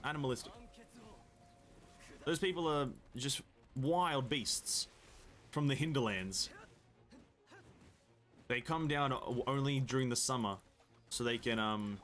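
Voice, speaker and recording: A man's voice: medium pitch, a bit bright. A young man, rambling and joking in casual live-stream chat as he plays a game and answers his chat.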